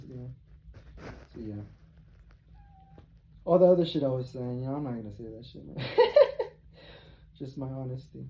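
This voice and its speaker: A man's voice: medium pitch, dark tone, lo-fi sound, a little hiss or hum. A man rambling and swearing heavily in a monologue to camera, sitting on his bed. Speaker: vlogger. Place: bedroom, seated on bed.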